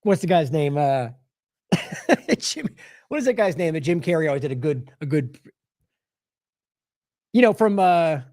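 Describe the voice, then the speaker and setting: A sarcastic man talks over news clips in a casual, exasperated way. His voice sits fairly high and swings widely in pitch. He is recorded close and dry, with no room sound. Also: expressive, normal speed, pauses often, a little mellow, no room sound. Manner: exasperated, sarcastic, scoffing laughs. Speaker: independent news show host. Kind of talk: casual commentary on played clips.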